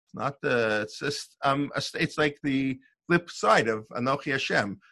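A man's voice: medium pitch, moderate pace, sharp tone, no room sound. An older man giving an informal Torah lesson as a rabbi, thinking aloud in a discursive way with restarts and asides.

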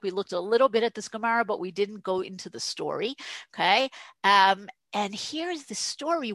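A woman gives a classroom lecture in an even, mid-pitched voice. She explains patiently and keeps checking in with "right?". The sound is close and dry. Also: dry recording. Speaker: teacher.

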